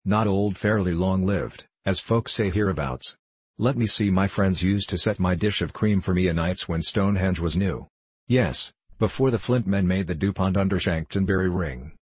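An ancient, kindly male sprite of the hills speaks in a storybook reading, a man putting him on. The voice sits very low and a touch husky, recorded close and dry, with a playful, sing-song lilt. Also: normal speed, a little mellow, no echo. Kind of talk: audiobook character reading.

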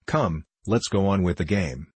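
An excitable gentleman card player who presses every objection, as a male narrator puts him on. His voice is deep and husky. The recording is dry and close. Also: measured pace, no echo. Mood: agitated. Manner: agitated and insistent. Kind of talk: audiobook dialogue reading.

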